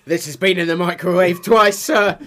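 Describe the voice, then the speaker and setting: Guy doing a fed-up old butler, prim and scolding, voice goes up high. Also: steady tone, moderate pace, pushed and bright. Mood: exasperated. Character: exasperated elderly male butler, prim and stern.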